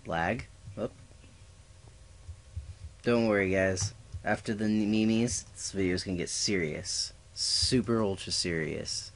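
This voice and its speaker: Goofy let's player, a man with a low-ish voice, chatty play-by-play peppered with silly noises. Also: slow pace, pauses often. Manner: goofy, talks to himself, makes sound effects. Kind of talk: casual gameplay commentary.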